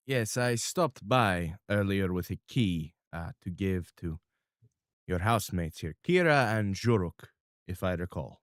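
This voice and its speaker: A man voicing a stiff, formal, middle-aged boss who is wary of change and speaks in a measured way. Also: low voice, expressive, no room sound, clean studio sound. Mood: polite.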